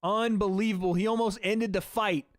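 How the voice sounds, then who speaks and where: A man's voice: sits high, fairly even intonation, moderate pace, no echo, clean studio sound. A man hosting a fight watch-party livestream, giving play-by-play commentary. He is chatty, swears freely and talks to his chat between calls. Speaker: livestream host.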